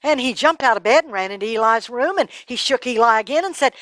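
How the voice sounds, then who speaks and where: A woman telling a Bible story to children, animated and dramatic, often dropping her voice low. Her voice is a little high for a woman. The sound is dry and close. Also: quick pace, hardly any pauses, dry recording. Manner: animated, dramatic, drops to a hush.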